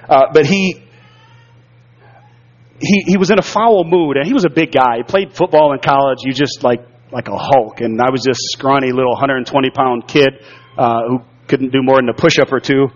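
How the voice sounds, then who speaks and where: A man's voice: mid-range voice, in a large hall. A man preaching a sermon, telling his own life story earnestly and often repeating words as he gets stirred up. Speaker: pastor. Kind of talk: sermon with personal testimony. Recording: dull lo-fi sound.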